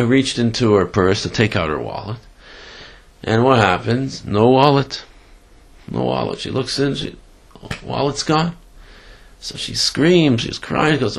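A man telling a story in a Torah class, halting with many fillers and animated retelling. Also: medium pitch, gravelly. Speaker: Torah teacher.

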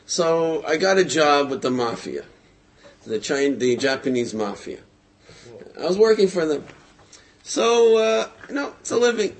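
A man telling a religious story in a casual, lively way, with frequent hesitations, fillers and chuckles. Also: fairly high pitch, unhurried.

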